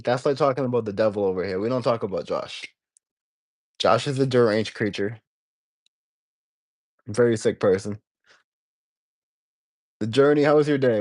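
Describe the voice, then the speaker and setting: A man's voice: mid-range voice, darkish tone, no room sound. A man hosting a casual livestream, rambling in stops and restarts as he talks to his viewers. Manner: rambling, stop-start, reading out chat comments. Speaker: livestream host.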